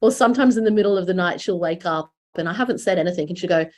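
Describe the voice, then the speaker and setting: Podcast co-host: Australian woman, 30s, chatty storyteller with a lower-pitched voice. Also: rapid-fire, darkish tone. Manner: storytelling, quoting her children. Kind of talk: casual chat.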